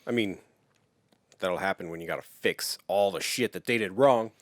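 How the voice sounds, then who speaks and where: Low voiced guy on a podcast, just backin up his buddy, dry sound. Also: moderate pace, no room sound. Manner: chiming in with short agreements and prompts. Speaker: podcast co-host. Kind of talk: casual podcast chat.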